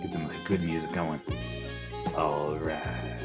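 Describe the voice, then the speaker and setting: A man's voice: a bass voice, little pitch movement, a little slow, over loud music. A young man improvising a sarcastic, rambling voice-over for his wife's makeup video, with mock-tutorial asides.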